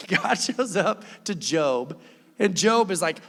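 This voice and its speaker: A male pastor preaching an animated sermon, acting out quoted voices as he goes. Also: high-pitched, drawn-out words. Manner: animated, acts out quoted voices, laughs often. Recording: long reverb of a church hall.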